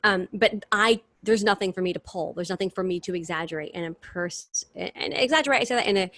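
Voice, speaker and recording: A woman singer and impressionist, guest in a casual interview, talking in long, animated answers with restarts over a video call. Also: medium pitch, fairly quick, no room sound.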